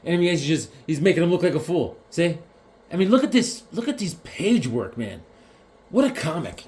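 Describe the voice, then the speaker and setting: A man chatting casually about comic books, jokey and animated, now and then acting out the characters. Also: on the high side, moderate pace. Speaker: comic collector vlogger. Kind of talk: casual chat.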